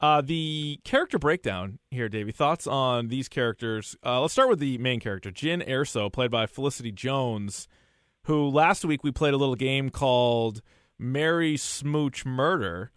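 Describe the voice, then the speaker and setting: A man's voice: mid-range voice, expressive, normal speed, a bit bright, smooth, no echo, clean studio sound. A man co-hosting a casual movie discussion podcast, chatty and laughing often as he leads the questions. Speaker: podcast co-host.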